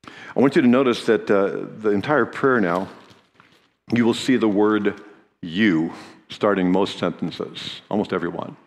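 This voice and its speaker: A man's voice: low-pitched, in a large hall. A man preaching a sermon in an earnest teaching manner, his voice rising in volume on key phrases.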